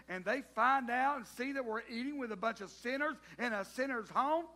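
A preacher doing grumbling, incredulous disciples. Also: male voice, sits high, a bit bright, husky, big-room sound, full character voice. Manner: exasperated, incredulous. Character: indignant male disciples grumbling in disbelief.

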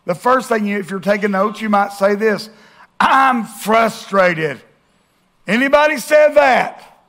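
A male pastor preaching a sermon, asking rhetorical questions and swinging between loud and hushed. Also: extremely high pitch, vocal fry.

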